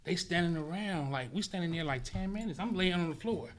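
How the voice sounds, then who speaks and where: Man, podcast guest, casual storytelling, profane, vivid, high-ish voice, faint hiss behind. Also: animated, brisk. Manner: vivid and profane, acts out sounds with "boom"; swings between loud bursts and hushed murmurs.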